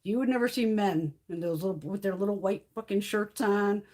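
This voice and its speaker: A woman's voice: mid-range voice, a little fast, warm tone. A middle-aged woman hosting a makeup live stream, telling blunt, heavily profane stories and laughing through them in casual chat.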